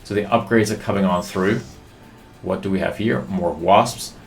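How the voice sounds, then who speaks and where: Man excitedly casting a strategy game. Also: low-pitched, moderate pace, vocal fry, reverberant, soft background music. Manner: excitable, thinking aloud. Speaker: game caster. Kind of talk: live game commentary.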